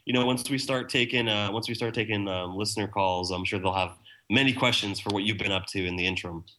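A man's voice: fairly low pitch, fast talker, a little hiss or hum. A man hosting a podcast in casual chat, telling stories with lots of laughter. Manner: animated storytelling, laughs often. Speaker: podcast host.

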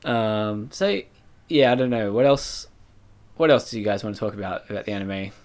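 Low-voiced man chatting casually. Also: normal speed. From Australia. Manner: relaxed, rambling, many fillers. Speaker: podcast co-host. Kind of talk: casual chat.

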